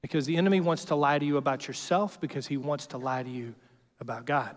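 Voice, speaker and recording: A male pastor preaches in a casual, joking way, talking fast in a mid-range voice with a steady tone. He keeps checking in with the congregation by asking "right?" A long hall reverb colors the recording.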